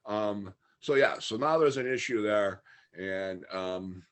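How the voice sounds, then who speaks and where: A man's voice: fairly low pitch, slow pace, clear, resonant tone. A man talking as a podcast guest, telling a long personal story in a candid, matter-of-fact way. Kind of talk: casual interview storytelling.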